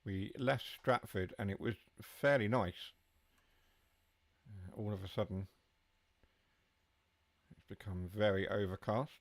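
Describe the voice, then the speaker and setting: Low, dry-sounding male streamer, easygoing live commentary that drifts into replies to the chat. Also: steady tone, takes it slowly, long pauses, dry recording. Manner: chatty, answers chat while driving. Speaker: game streamer.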